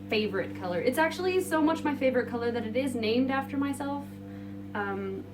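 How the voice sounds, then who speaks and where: A woman hosting a casual podcast, talking enthusiastically about yarn she has dyed and received, with soft muttered asides. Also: sits high, lively intonation, brisk, over music. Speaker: podcast host and yarn dyer. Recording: distant mic with faint background noise.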